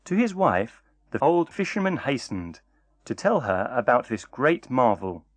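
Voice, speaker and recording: Male narrator, storybook reading, unhurried, lively pitch, expressive. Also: dry recording.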